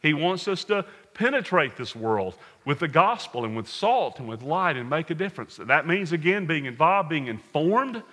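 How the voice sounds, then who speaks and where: A man's voice: on the high side, sing-song, normal speed, hardly any pauses, sharp tone. An American man preaching a sermon as pastor, earnest and direct, speaking to his congregation in a large hall. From United States. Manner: earnest, addresses congregation as folks, numbered points.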